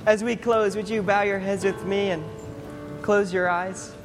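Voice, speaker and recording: A young adult man, a pastor, preaching a sermon in a conversational, animated storytelling manner. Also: high voice, unhurried. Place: church sanctuary. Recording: long hall reverb, faint music.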